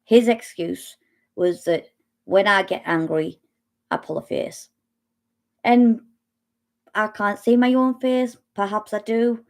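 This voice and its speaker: Slow, halting woman speaking from experience. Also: mid-range voice, darkish tone. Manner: slow, halting, with long pauses and restarts. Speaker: speaker sharing personal experience. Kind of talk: personal testimony talk.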